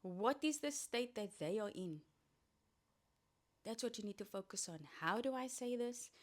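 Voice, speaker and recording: A woman's voice: a little high, lively intonation, unhurried. A woman hosting a solo podcast, giving casual, coaching talk with playful asides. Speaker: podcast host.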